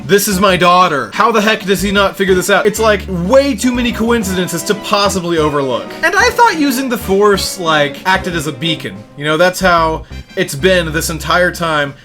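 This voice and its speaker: A man's voice: high voice, lively intonation, moderate pace, sharp tone. A young man giving a sarcastic, exasperated review rant in a home recording. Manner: sarcastic, exasperated, mock-dramatic grieving bit. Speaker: YouTube reviewer. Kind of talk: ranting review monologue. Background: faint music.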